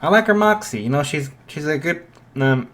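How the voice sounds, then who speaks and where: A man's voice: fairly high pitch, expressive, moderate pace, a bit bright. A man voicing a cocky teenage boy hero who teases his rival with playful insults, in a casual spoken fan story. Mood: teasing.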